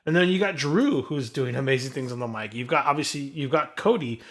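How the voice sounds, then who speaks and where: A man co-hosting a relaxed podcast, his voice at a plain middle pitch. He talks with enthusiasm in long stretches. He often turns to his co-hosts and calls them by name. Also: fairly quick. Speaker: podcast co-host. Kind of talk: casual chat.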